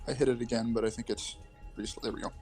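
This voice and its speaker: A man's voice: mid-range voice, steady tone, very fast, darkish tone, soft background music. A man playing a tabletop game, stating his character's actions with many hesitations. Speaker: player.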